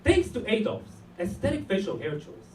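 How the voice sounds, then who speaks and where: A man's voice: high-pitched, normal speed, slight background noise. A man with an Israeli accent performing a punchy stand-up set in a comedy club, with audience laughter behind him. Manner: animated, punchy delivery. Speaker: stand-up comic. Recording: roomy club sound from a distance.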